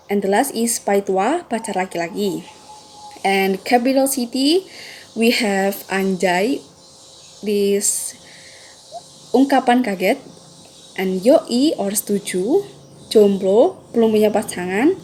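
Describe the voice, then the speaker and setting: A young woman reads her university presentation aloud, steadily counting off points in a mellow, relaxed voice. A light hiss of background noise sits under her voice. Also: mid-range voice, takes it slowly, pauses often. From Indonesia. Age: young adult. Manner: reads steadily, enumerating items one by one. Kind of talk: read-aloud class presentation.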